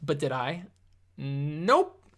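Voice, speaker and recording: A man playing an excitable, indignant early American president in a comedy sketch, given to theatrical rants. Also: fairly high pitch, drawn-out words, full character voice. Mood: smug.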